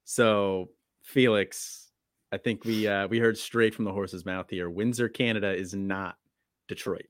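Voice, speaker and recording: Male podcast host, lowish voice, easygoing and wry, dry close mic. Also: steady tone, measured pace, dry recording. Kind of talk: casual chat.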